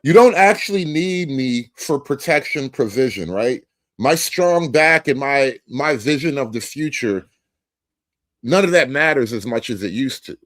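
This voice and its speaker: A man on a talk show panel, laying out his premise in a deliberate, argumentative way. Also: mid-range voice, lively intonation, dry recording.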